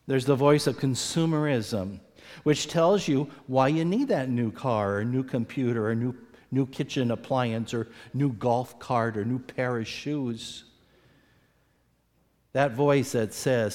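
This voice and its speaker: A man preaching an earnest sermon, often repeating words as he goes and acting out quoted voices with big swings in pitch. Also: measured pace, a little mellow. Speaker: pastor. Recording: long hall reverb.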